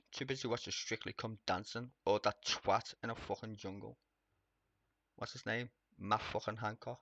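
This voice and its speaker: A man's voice: fairly low pitch, moderate pace, pushed and bright, no room sound, lo-fi sound. A young man streaming casual political commentary, rambling, sweary and sarcastic.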